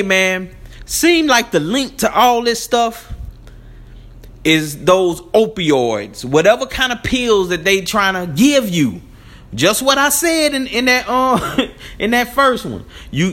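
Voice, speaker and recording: A man's voice: sits high, a bit bright. A man hosting his own commentary channel, talking loosely and conversationally. He laughs often and keeps saying "you know what I'm saying". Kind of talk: casual spoken commentary.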